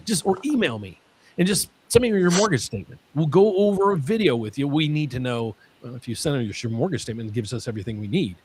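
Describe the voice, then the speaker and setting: A man hosting a mortgage Q&A stream, talking in an excitable way and often repeating his words. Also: medium pitch, fast, husky. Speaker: mortgage lender host.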